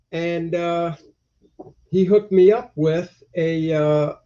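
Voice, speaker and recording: A man's voice: fairly high pitch, warm tone. Joking, rambling man, dull lo-fi sound. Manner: joking, rambling, with wisecracking asides. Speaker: comic artist reviewing a convention. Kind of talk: casual livestream chat reading viewer comments.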